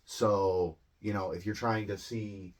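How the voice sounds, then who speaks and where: A man with a Midwestern American accent teaching English in a relaxed, conversational way, often checking in with tag questions. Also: on the low side, takes it slowly. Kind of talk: casual explanatory lesson.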